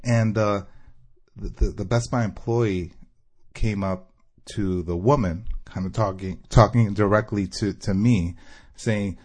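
Deep-ish guy calling in w a story, sarcastic, chatty, from michigan. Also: steady tone, a little slow, a little mellow. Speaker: caller leaving a voicemail. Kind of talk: telling a story in a voicemail.

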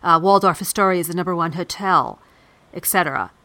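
Bright-voiced woman walking through an app. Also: fairly low pitch, fairly quick. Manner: listing things in a steady step-by-step way.

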